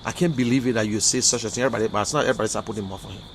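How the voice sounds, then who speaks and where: A man's voice: fairly low pitch, very fast, slight background noise. A man from Liberia with a Liberian English accent, hosting an online talk show in an emotional, fiery style full of repeated outbursts. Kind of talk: impassioned livestream commentary.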